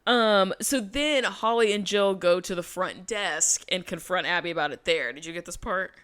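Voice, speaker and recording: A woman's voice: fairly low pitch, moderate pace, fairly bright tone, clear, resonant tone. A woman co-hosting a podcast, recapping a reality show in casual chat and quoting people in mocking voices. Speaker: podcast co-host.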